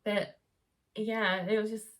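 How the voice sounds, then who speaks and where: A woman's voice: medium pitch, slow pace. A young woman chatting casually at home, telling the story of her labour and birth. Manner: chatty, animated retelling, quoting the midwife in raised voice. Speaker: vlogger.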